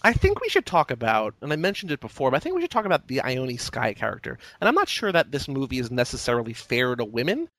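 A man's voice: mid-range voice, huge pitch swings, fast talker, hardly any pauses, fairly bright tone, no echo. Male podcast co-host, casual, hesitant and filler-heavy, dry close sound. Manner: hesitant, lots of "like" and restarts. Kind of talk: casual film discussion.

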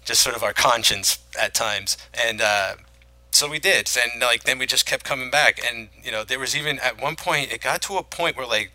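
A man's voice: medium pitch, moderate pace, bright, forceful tone, no echo, poor audio. A man co-hosting a podcast, chatting casually about movies and rambling with many restarts. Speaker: podcast co-host. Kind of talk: casual film-talk chat.

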